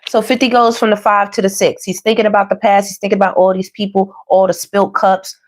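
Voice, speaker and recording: A woman's voice: mid-range voice, little pitch movement, fairly quick. A woman giving a casual tarot reading, chatty and slangy, talking to viewers as y'all and baby. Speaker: tarot reader.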